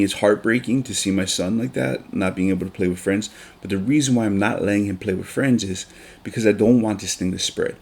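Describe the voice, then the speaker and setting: A man, talking on a casual podcast in a deep voice. His tone is gravelly and full of vocal fry. He speaks earnestly, with frequent ums and restarts. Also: a little mellow. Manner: earnest, emotional, with many fillers and restarts. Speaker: teacher.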